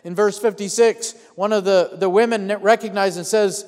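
A man preaches a storytelling sermon, regularly calling out to the congregation for an amen. His voice is notably high for a man. Long reverb rings behind him, as in a church hall. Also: normal speed, few pauses, darkish tone. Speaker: pastor.

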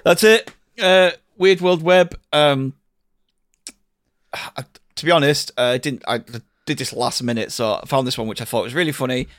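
A man co-hosting a podcast who reads out a news story in a casual, slightly halting way. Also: medium pitch, fairly bright tone, no echo. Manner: reads a news item aloud, a bit halting. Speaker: podcast co-host. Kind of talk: casual chat.

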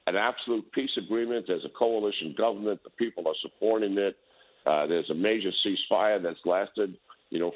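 A man, a military general, giving a measured, firm interview as a guest on a call-in. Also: deep voice. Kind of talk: phone interview. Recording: tinny phone line.

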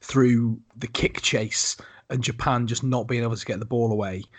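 A man's voice: medium pitch, steady tone, moderate pace. A man co-hosting a casual rugby chat, laid-back and steering the conversation. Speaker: podcast co-host.

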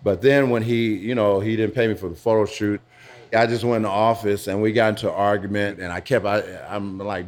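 A middle-aged man being interviewed in a pizza restaurant, telling his own story frankly with halting restarts. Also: fairly low pitch, fairly even intonation. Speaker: interviewee, former dancer turned business owner. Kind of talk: candid personal storytelling.

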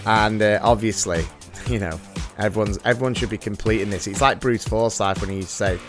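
A man's voice: lowish voice, fast, fairly bright tone, soft background music. A man hosting a casual podcast, joking, singing little snippets and laughing often. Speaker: podcast host.

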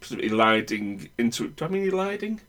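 Talking casually with a broad northern English accent, this man rambles through his opinions, frequently breaking off and starting his sentences again. His mid-range voice is sing-song, fairly quick, and fairly bright in tone.

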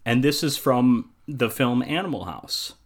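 A man's voice: medium pitch, animated, a little slow, breathy edge. A man co-hosting a podcast in casual chat, steering the segment in a dry, matter-of-fact way. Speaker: podcast co-host.

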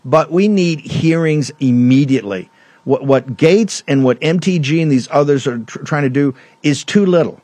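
A man's voice: fairly high pitch, moderate pace, darkish tone, no room sound. A man hosting a political talk show, ranting emphatically and combatively, rambling with restarts. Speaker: show host.

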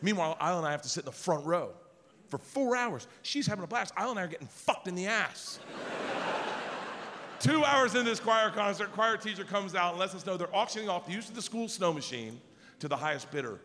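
A man doing crude, animated stand-up storytelling on a theater stage into a handheld mic, with an audience present. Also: high voice, fairly quick. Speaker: stand-up comedian. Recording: live theater hall with audience.

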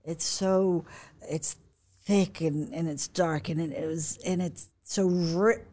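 A woman in a casual chat, speaking haltingly with many restarts. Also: on the low side, fairly even intonation, warm tone. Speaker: guest from the international department.

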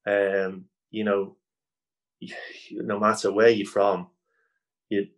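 A man's voice: on the low side, little pitch movement, takes it slowly, poor audio. A man from Liverpool with a Scouse accent, chatting as an interview guest, rambling with lots of fillers and restarts and laughing easily. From Liverpool, England. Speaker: improv comedy guest. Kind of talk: casual interview chat over video call.

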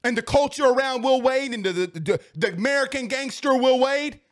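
A high-pitched man delivers a heated sports rant straight to his listeners. He repeats himself for emphasis and keeps pushing his point in a casual, talk-show way. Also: lively intonation, brisk. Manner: heated, repetitive, talks straight at the audience. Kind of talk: casual ranting commentary.

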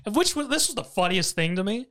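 Recapping an anime episode in casual chat, this podcast host speaks quickly and animatedly, laughing often. When something amuses him, his voice suddenly jumps high.

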